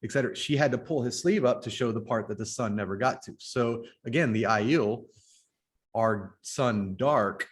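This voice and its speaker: A man co-hosting a podcast, making his argument in a measured way with some hesitant fillers. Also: mid-range voice. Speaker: podcast co-host. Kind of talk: casual review discussion.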